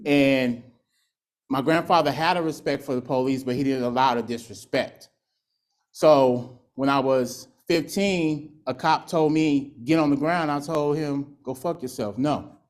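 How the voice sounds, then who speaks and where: A man tells his story in a blunt, streetwise way, acting out the voices of family and friends. His voice sits a little higher than most men's. He speaks candidly about a hard past at a recovery meeting. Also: measured pace. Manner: candid, streetwise storytelling with laughs and acted quotes. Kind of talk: personal testimony at a recovery meeting.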